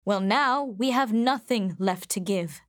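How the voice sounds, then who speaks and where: A woman voicing a practical, cautious middle-aged mother who speaks in a measured, firm way in a storybook reading. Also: mid-range voice, close to an everyday voice.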